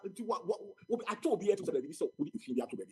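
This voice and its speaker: A man's voice: sits high, lively intonation, very fast, a little mellow, slightly rough, low-quality recording. A man speaking passionately as a guest on a radio talk show. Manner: impassioned, mixing Twi and English.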